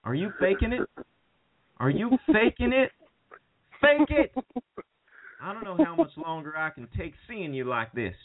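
Guy doing a goofy drawling buddy, squeaks up high when he pleads, phone-line sound. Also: sing-song, measured pace, long pauses. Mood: frantic pleading. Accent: put-on drawl. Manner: pleading, rising to frantic yelps. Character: goofy young buddy pleading at a friend's sickbed. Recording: phone-like call audio.

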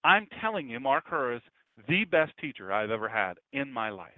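A man's voice: mid-range voice, very animated, moderate pace, no echo. A man preaching an emphatic, fiery political sermon as pastor, now and then mimicking doubters. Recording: tinny phone-like radio broadcast.

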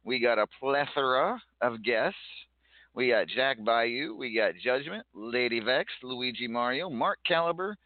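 A man's voice: mid-range voice, lively intonation, a little slow, no echo. A man hosting a casual online radio show, jokey and rambling, stumbling over his words now and then. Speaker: show host. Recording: dry, tinny phone-like line.

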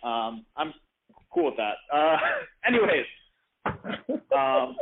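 A man's voice: medium pitch, animated, slow. A man in his thirties, co-hosting a radio show in laid-back, wry, joking chat. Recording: phone line with faint noise.

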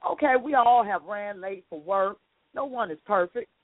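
A woman's voice: mid-range voice, normal speed. A woman radio host chatting and telling personal stories, speaking in a conversational, faith-minded way. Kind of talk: radio talk show chat. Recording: dry, phone-like radio line.

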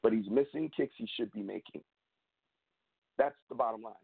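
A young man hosting his own sports show, venting in a fired-up, repetitive way with big jumps in pitch. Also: very animated, normal speed, creaky, slightly rough. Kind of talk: fan rant and commentary. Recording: tinny phone-like audio.

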